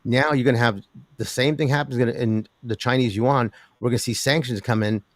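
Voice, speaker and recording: A man's voice: mid-range voice, a little fast, no echo. Rambling older man, dry close sound. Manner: rambling, animated, many restarts and laughs. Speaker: precious metals commentator. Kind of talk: interview guest.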